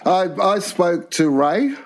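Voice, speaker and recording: Slow, crude-talking man co-hosting a comedy podcast. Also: high-pitched, animated. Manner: crude, rambling, reads out listener letters. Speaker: podcast co-host. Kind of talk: casual comedy chat.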